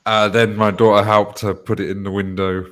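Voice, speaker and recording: A man chatting casually as co-host of a group talk show, telling stories with a wry, soft-trailing delivery. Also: on the low side, flat delivery, moderate pace.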